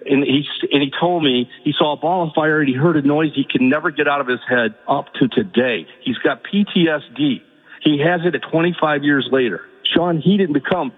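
Husky man calling in over a phone line. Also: medium pitch. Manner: halting, repeats words, rises to pleading. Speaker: caller. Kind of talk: emotional call-in story. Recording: tinny phone line with long reverb.

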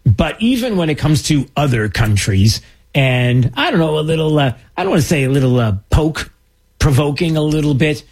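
A husky man hosting a political talk show. His voice sits a little high for a man, and he rambles with frequent restarts and a mocking edge. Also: animated, normal speed, darkish tone. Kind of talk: political commentary.

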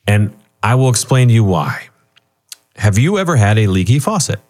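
A man talking as a guest expert on a radio show, animated and joking as he explains. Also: lowish voice, normal speed. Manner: animated and joking, acts out quoted people. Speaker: guest author and retirement expert. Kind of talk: radio talk show conversation.

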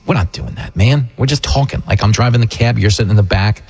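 Man, middle-aged, radio talk host, sarcastic, mocking, slightly husky. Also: fairly low pitch, a little mellow. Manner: mocking, rapid asides with mimicked voices. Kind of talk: sarcastic political radio commentary.

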